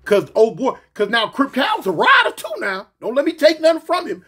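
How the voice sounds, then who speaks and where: Male storyteller, casual and slangy, husky voice pitched high, animated delivery. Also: moderate pace. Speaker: storyteller recounting his past.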